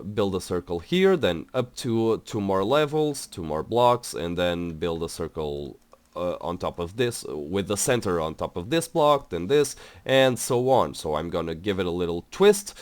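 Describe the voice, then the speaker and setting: A man's voice: lowish voice, a little mellow, dry recording. A young man hosting a building game video, talking in a rambling, hesitant way with many fillers and restarts. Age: young adult. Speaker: let's play host. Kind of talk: casual gameplay commentary.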